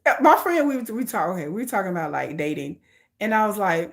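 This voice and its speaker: A woman's voice: mid-range voice, sing-song, fast, gravelly. A woman vlogger chatting casually with her viewers, playful and laughing often.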